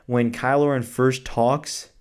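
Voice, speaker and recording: A man's voice: medium pitch, little pitch movement, takes it slowly, clear, resonant tone. A man reviewing a film on his vlog, gushing and enthusiastic, with lots of casual filler words and the odd swear word. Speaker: movie reviewer.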